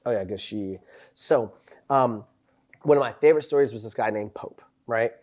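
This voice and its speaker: A young man and podcast host telling boot camp stories in casual chat, animated and profane, acting out the voices of people in his stories. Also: medium pitch, normal speed.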